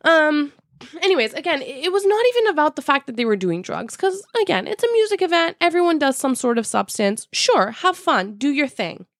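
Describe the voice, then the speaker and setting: High-voiced young woman ranting casually. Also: brisk, dry recording, clean studio sound. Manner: animated, profane, laughs often; mixes in Persian words. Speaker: podcast host. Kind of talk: casual storytelling monologue.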